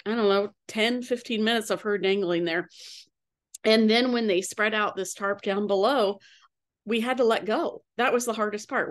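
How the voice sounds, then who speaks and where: Earnest woman coach telling a story. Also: mid-range voice. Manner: earnest storytelling with pauses and fillers. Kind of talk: personal story talk.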